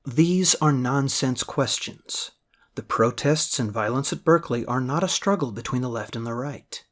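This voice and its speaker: A man's voice: medium pitch, normal speed, a bit bright. A man with a Midwestern accent delivering a blunt, sardonic opinion monologue as a radio commentator. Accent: American Midwestern. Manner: sardonic, blunt, with jokey asides.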